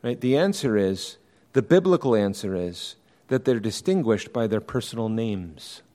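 A man preaching an evening sermon, explaining doctrine in a measured, emphatic way and often rephrasing his points. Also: on the low side, expressive, mellow.

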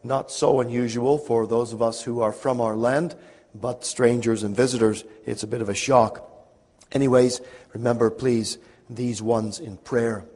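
A man with a raspy, hoarse voice from a cold, leading a church service, speaking slowly with many fillers and reading scripture in a declaiming tone. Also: medium pitch, steady tone, dark tone. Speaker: pastor. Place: church sanctuary. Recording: long church reverb.

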